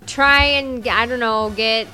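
A woman's voice: on the high side, fairly even intonation, takes it slowly, pushed and bright, soft background music. A woman co-hosting a casual podcast with her boyfriend, teasing him, pushing back, and laughing easily. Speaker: podcast co-host. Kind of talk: casual couple podcast chat.

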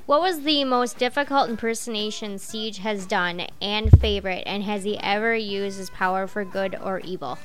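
A woman reading out listener questions in a plain, steady way. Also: mid-range voice, moderate pace, hardly any pauses, soft background music. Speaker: question reader.

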